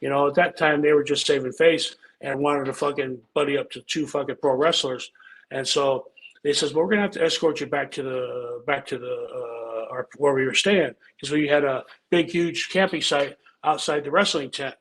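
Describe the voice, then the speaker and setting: A man's voice: mid-range voice, steady tone, moderate pace, a bit bright, slight background noise, low-quality recording. A man telling profane, rambling stories in a casual chat, a former pro wrestler and regular on the show. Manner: profane, rambling, laid-back storytelling.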